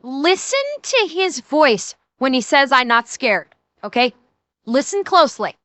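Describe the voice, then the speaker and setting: A woman's voice: high-pitched, sing-song, unhurried, fairly bright tone, dry recording. A woman streamer giving casual, crude and mocking reaction commentary, swearing freely.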